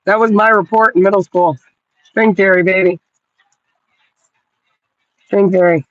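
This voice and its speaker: A woman's voice: medium pitch, fairly even intonation, measured pace, no echo, highs cut off. A woman vlogging from her yard in a loose, rambling way, cooing at dogs and swearing casually. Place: outdoors in a yard.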